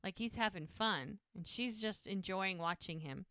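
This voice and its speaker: A woman's voice: mid-range voice, moderate pace, bright, forceful tone, dry recording. A woman talks through a show's scenes for her podcast in an easy, chatty way, sometimes quoting the characters. Her voice sits mid-range and sounds close and dry, with no room around it. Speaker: podcast co-host. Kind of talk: casual episode recap.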